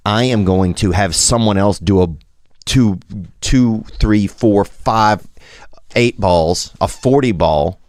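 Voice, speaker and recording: A man's voice: fairly low pitch, expressive, unhurried, dry recording, studio quality. A man in his thirties with a Southern US accent, telling a rambling, self-deprecating story as a comedian. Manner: drawling, meandering, self-deprecating, trails off.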